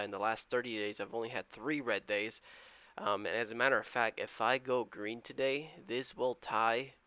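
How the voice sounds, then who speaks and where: A man's voice: fairly low pitch, clear, resonant tone, dry recording. A man live-streaming his day trading, chatting casually with viewers and keeping his voice down at home. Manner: chatty, reads out viewer comments and counts aloud; talking kind of quiet. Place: indoors at home.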